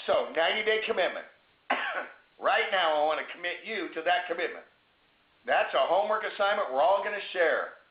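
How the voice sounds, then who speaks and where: A man's voice: high voice, expressive. Emphatic man giving a motivational webinar talk. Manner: emphatic, slowing down to stress key phrases; conversational, with asides and checks like "right?". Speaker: webinar speaker. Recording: roomy, dull lo-fi webinar audio.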